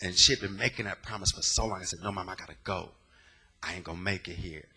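A man's voice: sits low, fast, sharp tone, slightly rough. A man from the Bay Area giving a dramatic, emotional personal testimony in a sermon, using plain street slang. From San Francisco Bay Area.

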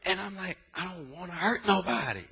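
Husky, forceful man preaching testimony. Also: high-pitched, lively intonation, a little fast. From San Francisco Bay Area. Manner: dramatic, emotional storytelling with plain street slang. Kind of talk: personal testimony sermon.

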